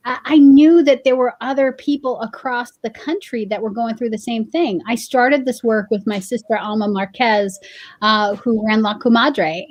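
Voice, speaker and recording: High-voiced animated woman telling a story. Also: no echo. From Massachusetts. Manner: animated storyteller acting out quoted dialogue with laughs. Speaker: founding president of a parent organization. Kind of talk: casual storytelling chat.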